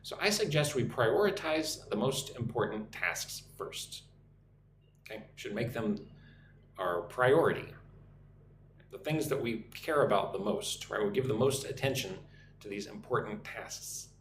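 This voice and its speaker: This English teacher from the United States runs a live online class in a home room with a noisy air conditioner. His voice sits on the low side, expressive and fairly bright, with reverberation and a little hiss or hum. Reading out viewer comments, he covers vocabulary and pronunciation, breaking words down slowly by syllable.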